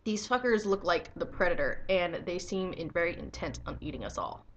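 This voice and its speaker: A young woman giving a casual video review of a comic book, excitable and swearing freely, breaking into enthusiastic squeals. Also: on the low side, fairly quick, slight background noise.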